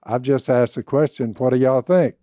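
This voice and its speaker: A man hosting a Bible discussion, who reads scripture in a plain, steady way and asks the others questions. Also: mid-range voice, normal speed, no echo, clean studio sound. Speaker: podcast host, father.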